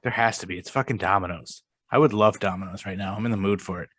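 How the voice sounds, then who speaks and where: A man's voice: low voice, fast talker, a bit bright. A young man co-hosting a podcast in casual chat, blunt and argumentative, swearing often. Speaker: podcast co-host.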